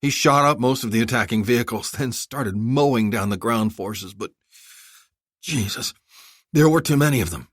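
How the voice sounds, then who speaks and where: A man's voice: mid-range voice, normal speed, no room sound, studio quality, voice pushed up, close to an everyday voice. A man voicing a young male pilot, dazed and wisecracking, talking in a shaken, rambling way.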